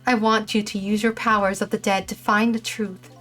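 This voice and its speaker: Girl voicing a calm ghost mentor lamp, measured and instructive, soft game music behind. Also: medium pitch, natural voice. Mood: calm guiding.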